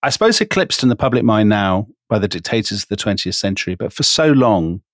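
Brief: male podcast co-host, low voice, amused and talkative, dry close sound. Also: animated, brisk, no room sound. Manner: amused, chatty, laughs often. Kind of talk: casual chat.

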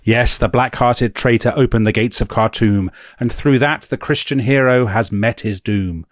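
A man co-hosting a history conversation, reading verse aloud with amusement and often trailing off quietly. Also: medium pitch, moderate pace, dry recording, clean studio sound. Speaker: podcast co-host.

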